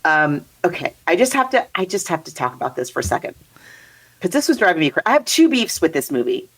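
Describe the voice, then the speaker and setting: A woman in casual conversation, reviewing a movie with a co-host. Her voice sits slightly low, and she rambles with restarts and easy laughter. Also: sing-song, fast talker, fairly bright tone, slightly rough, rough recording. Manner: chatty, rambling, laughs often. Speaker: podcast co-host.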